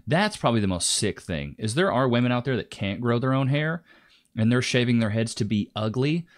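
A man's voice: mid-range voice, animated, brisk. A young man hosting a reaction commentary, giving wry, mocking asides on clips and comments. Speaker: commentary host.

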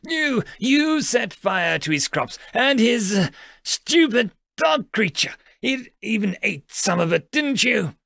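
A man voicing a furious young alien male, shouting and raging at the others. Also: high voice, sing-song, takes it slowly, vocal fry, no echo, clean studio sound, voice pushed up, exaggerated voice. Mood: enraged.

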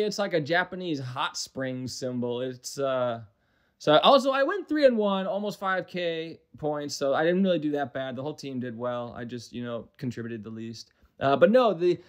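Young Midwestern man, slightly high voice, casual rambling game commentary, self-deprecating and profane. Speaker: gaming commentator.

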